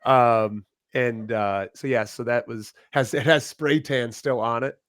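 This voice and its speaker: A man's voice: mid-range voice, a little slow, no room sound, studio quality. A young man, a wrestler guest, chatting casually in an interview, laughing often and cursing easily. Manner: relaxed storyteller, laughs often, swears casually.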